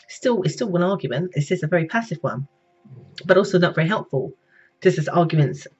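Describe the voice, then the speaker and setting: Talking straight to her audience, this woman from Britain offers a relaxed, chatty horoscope reading as a psychic. She has a low, darkish, slightly rough voice, heard through a muffled recording.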